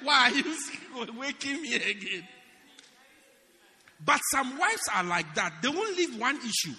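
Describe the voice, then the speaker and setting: A man preaching a humorous sermon, acting out stories and shouting the punchlines. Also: very high voice, measured pace, in a large hall. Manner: animated storytelling, laughing and shouting punchlines. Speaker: pastor.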